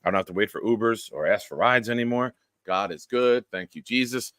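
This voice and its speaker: Excitable low-voiced male show host. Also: brisk, no room sound, studio quality. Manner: excitable, bursts into loud sing-song chants; shout-outs to viewers by name. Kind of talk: live-streamed sports chat.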